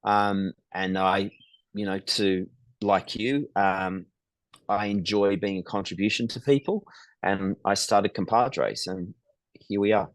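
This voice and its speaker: A man's voice: deep voice, fairly even intonation, slow pace, dry recording. A middle-aged man, a business founder, telling his story as an interview guest in a reflective way, with frequent ums and restarts.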